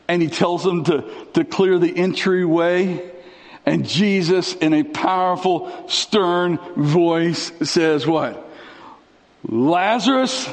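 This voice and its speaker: A male pastor delivers a sermon in a conversational yet dramatic style, his pitch sweeping up and down as he drops in slang. He's speaking in a large hall.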